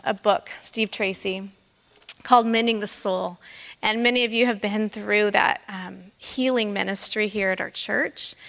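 A woman preaching a sermon in a church, earnest and emphatic, slowing down on key phrases. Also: medium pitch, gravelly, fairly bright tone. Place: church sanctuary. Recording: long reverb of a church hall.

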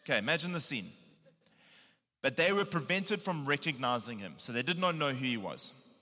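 A man preaching a casual sermon, retelling a Bible story in a lively, animated way with slang. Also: mid-range voice, moderate pace, big-room sound. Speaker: pastor.

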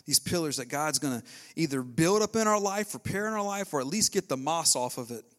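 A man preaching a sermon, animated and conversational, acting out little asides as he goes. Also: a little high, a little fast. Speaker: pastor.

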